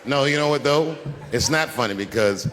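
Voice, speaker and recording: A middle-aged man telling stand-up stories on stage, animated, swinging between hushed asides and shouted punchlines. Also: medium pitch, moderate pace. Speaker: stand-up comedian. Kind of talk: stand-up comedy storytelling. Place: large live venue with audience. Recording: live hall with crowd noise.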